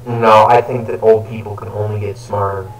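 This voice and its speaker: A man's voice: on the low side, level tone, normal speed. A man chatting casually during a game, teasing and sarcastic, with crude swearing. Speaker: gaming co-host. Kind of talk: casual gaming chat. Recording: echoey room, distant mic, faint noise.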